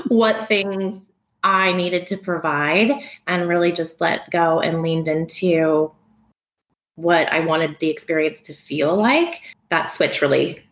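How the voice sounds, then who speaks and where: Woman, husky morning voice, slow reflective talk, roomy room. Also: on the low side. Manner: slow, reflective, warm laughter. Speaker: podcast co-host. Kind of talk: casual podcast chat.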